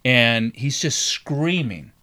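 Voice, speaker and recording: A man spins a story in casual conversation, his pitch swinging widely as he acts out the people in it. His voice sits at a middling pitch. He swears freely and keeps the telling loose and chatty. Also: takes it slowly, slight background noise. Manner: animated, acts out shouted quotes, swears freely.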